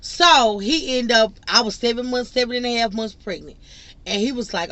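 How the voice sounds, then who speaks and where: Young female vlogger, lively storyteller, bright and forceful tone, casual chat. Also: fairly high pitch, normal speed, highs cut off. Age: young adult. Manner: animated, laughing storyteller. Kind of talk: storytime vlog.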